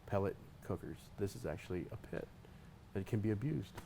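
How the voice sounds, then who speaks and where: A man's voice: lowish voice, animated, fairly quick, creaky, mellow, a little hiss or hum. A man who competes as a pitmaster, talking in a casual interview with an emphatic, hyped-up delivery and repeated words.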